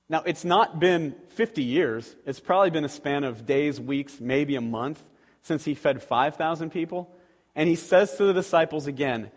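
A man's voice: on the high side, lively intonation, normal speed. A man preaching a sermon as a pastor, talking conversationally with rhetorical questions to the congregation. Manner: acts out quoted voices animatedly. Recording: long reverb of a large hall.

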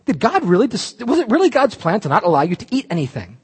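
A man preaching a sermon, animated and emphatic, breaking off into asides and restarts. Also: high voice, fast, hardly any pauses, breathy edge, long reverb tail. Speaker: pastor.

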